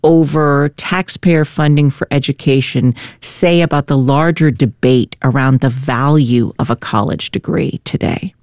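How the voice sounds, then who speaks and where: A woman's voice: a bass voice, a little slow, few pauses, darkish tone, no room sound, clean studio sound. Composed woman radio host. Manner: clear, composed questioning. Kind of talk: news interview hosting.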